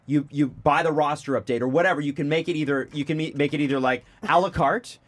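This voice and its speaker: A man's voice: a little high, steady tone, quick pace. A man hosting a casual sports podcast, rambling through his points and laughing often. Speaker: podcast host.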